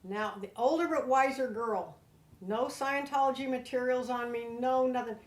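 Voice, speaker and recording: An older American woman, a guest, telling her own story with heartfelt, animated feeling. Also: sits high, moderate pace. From United States. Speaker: interview guest. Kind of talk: personal storytelling. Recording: roomy echo.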